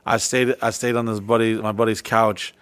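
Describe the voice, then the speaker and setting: A man's voice: lowish voice, level tone, moderate pace, a bit bright, no echo. A man hosting a podcast, telling rambling stories in casual, profane chat. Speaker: podcast host.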